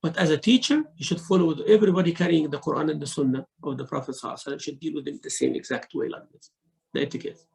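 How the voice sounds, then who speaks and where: A man giving a religious lesson, mixing quick recitation into his English explanations and acting out examples of speech. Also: fairly high pitch, gravelly, a little mellow, rough recording. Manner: mixes Arabic recitation into English teaching, acts out rude and polite speech. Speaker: sheikh teaching Quran commentary.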